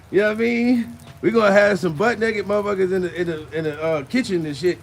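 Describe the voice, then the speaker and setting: A man's voice: high voice, brisk, gravelly, slight background noise. A man doing casual comedic commentary, crude and rambling, laughing between lines and out of breath.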